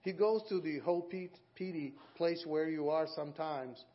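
Animated male preacher, lo-fi. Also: moderate pace. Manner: animated, acts out quoted voices with big pitch jumps. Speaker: guest preacher. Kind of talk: sermon. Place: church. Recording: dull lo-fi church audio recording.

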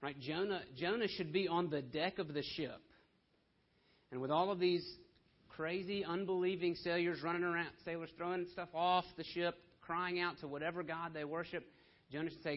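Guy preaching, chatty, keeps saying right?, slows way down on the verses, kinda dull lo-fi sound. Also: on the high side, steady tone. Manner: conversational, often asking "right?"; slows down to stress scripture. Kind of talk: sermon.

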